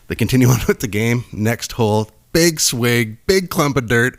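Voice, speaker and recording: A man co-hosting a podcast in casual chat, telling jokes with lots of laughter and loud punchlines into a close mic. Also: mid-range voice, moderate pace, few pauses. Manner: animated, laughs often, shouts punchlines. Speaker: podcast co-host. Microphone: close studio mic.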